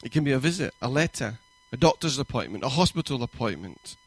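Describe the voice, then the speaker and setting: A male pastor giving a sermon in a church, conversational and warm in pacing, with quoted asides and rising emphasis. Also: mid-range voice, very animated, quick pace, dry recording.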